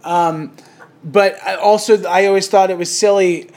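A man's voice: high-pitched, steady tone, a little slow, darkish tone. A man hosting a casual podcast chat, rambling with many restarts and frequent laughter. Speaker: podcast host.

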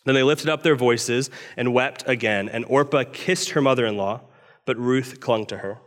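A male pastor preaching in a middle-pitched voice that lifts sharply when he quotes and drops quiet to drive a point home. The sound carries a long reverb, as in a large hall. He speaks to a congregation in an earnest, animated way. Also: moderate pace. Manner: expressive preaching with rising intensity on quoted lines. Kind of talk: sermon.

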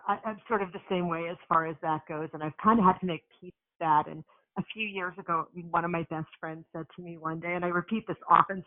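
A woman hosting a casual conversation, speaking in a measured, gently teasing way. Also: fairly low pitch. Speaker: podcast host. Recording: phone-like narrow sound.

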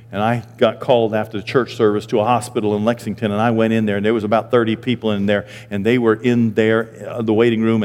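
A man in his sixties, a pastor, preaching a sermon and telling stories, now and then jumping into high squeaky voices for the people he quotes. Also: darkish tone, long reverb tail. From Maine. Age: 60s. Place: church sanctuary.

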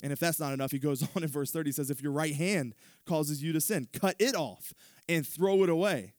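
A male pastor preaching a sermon, retelling scripture with animated storytelling and frequent restarts. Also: fairly high pitch, brisk, dry recording, studio quality.

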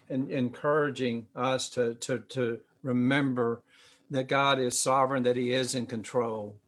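A man's voice: medium pitch, a bit bright. A man preaching a sermon as pastor, emphatic, repeating phrases with fillers and restarts. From United States.

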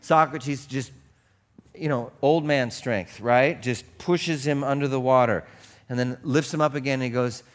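Male pastor, casual sermon, chatty and humorous, mid-pitched voice. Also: unhurried. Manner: conversational, joking, storytelling.

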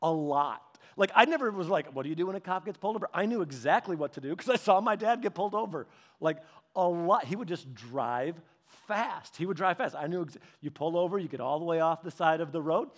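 A man's voice: on the high side, fairly quick. A middle-aged man preaching a sermon, telling family stories with humor, chuckling and restarting his sentences. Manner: animated, humorous storytelling with frequent laughs and restarts. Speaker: pastor. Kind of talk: storytelling sermon.

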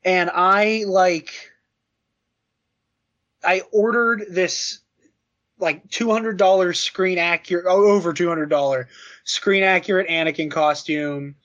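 A young man chatting casually on a podcast, telling a funny story with excitement and frequent laughter. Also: high voice, slow pace, pauses often. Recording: slightly dull lo-fi sound.

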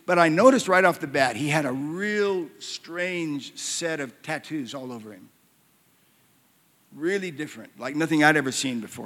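A man preaching a sermon, telling stories that swing from hushed near-whispers to loud, emphatic declarations. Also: mid-range voice. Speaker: pastor. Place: church hall. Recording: long hall reverb.

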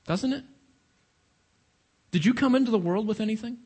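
A man's voice: sits high, moderate pace, dark tone, husky. A man preaching a sermon, questioning his congregation and stressing his points. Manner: questioning the audience, emphatic.

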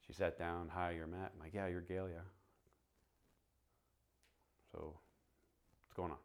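A pastor with a low-pitched voice tells a personal story from the pulpit at normal speed. He's an animated storyteller who acts out the conversations with humor and laughs at himself.

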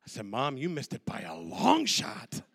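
A man in his forties sharing a personal testimony, an animated storyteller who acts out the voices of the people in his story. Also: a little high, moderate pace, gravelly, husky. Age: 40s.

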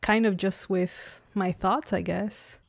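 A woman's voice: medium pitch, fairly even intonation, takes it slowly, creaky, no room sound, clean studio sound. A woman player chatting casually at a tabletop game in an easygoing, thinking-aloud manner.

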